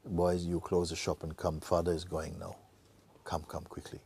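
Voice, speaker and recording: A man's voice: sits low, monotone, takes it slowly, mellow, breathy edge, heavily acted. A man voicing a hospital doctor who urgently summons two sons to their dying father.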